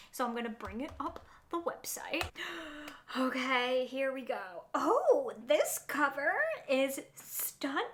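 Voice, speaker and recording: A young woman's high, bright-pitched voice spills through a casual book vlog. She gushes and gets carried away, peppering her chat with "like" and "oh my God". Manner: gushing, excitable, lots of "like" and "oh my God". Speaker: book vlogger.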